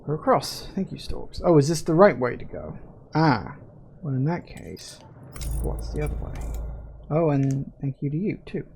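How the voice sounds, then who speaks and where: A man commenting casually on a game as he plays, musing aloud and softly reading out on-screen text. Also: fairly high pitch, lively intonation, normal speed, gravelly, a little hiss or hum. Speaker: let's-play gamer.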